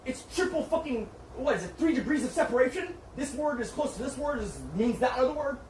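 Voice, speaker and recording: A man's voice: very high voice, animated, a little fast, a little mellow. Man berating from across an echoey room. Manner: berating, profane, lecturing. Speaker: streamer's manager. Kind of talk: heated argument. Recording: echoey room from far off, faint noise.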